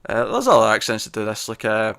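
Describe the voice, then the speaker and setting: A man's voice: on the low side, big pitch swings, fast talker, gravelly, a bit bright, smooth, dry recording, clean studio sound. A young man, co-hosting a casual TV review chat, joking and blunt. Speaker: podcast co-host.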